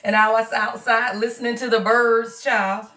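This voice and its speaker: A woman, hosting a casual live stream as a tarot reader, her voice strained and hoarse, chatty and playful with her viewers. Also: on the high side, level tone, moderate pace, pushed and bright, low-quality recording.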